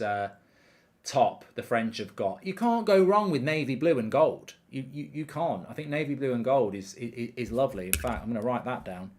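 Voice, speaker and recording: A man's voice: mid-range voice, lively intonation, moderate pace. A man hosting a live football watchalong stream, chatting casually, rambling with lots of ums and reading viewers' comments aloud.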